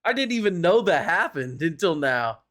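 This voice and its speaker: A man's voice: on the high side, very animated, normal speed, fairly bright tone, faint music behind. A young man casually commenting over his own tournament footage, rambling and self-critical, swearing and laughing at his mistakes. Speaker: gaming YouTuber reviewing his own tournament match.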